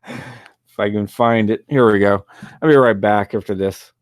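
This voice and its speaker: A man's voice: on the low side, slow pace, no room sound, clean studio sound. A man hosting a talk show in a loose, rambling monologue, often laughing and sounding exasperated and mocking. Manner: loose and rambling, with many fillers. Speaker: talk radio host. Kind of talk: casual monologue.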